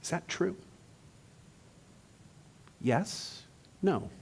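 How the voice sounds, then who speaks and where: A man's voice: sits high, lively intonation, extremely slow, creaky, a little mellow, slight background noise. A man giving a humorous sermon, telling jokes in a playful, storytelling manner. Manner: playful, joke-telling, then reflective.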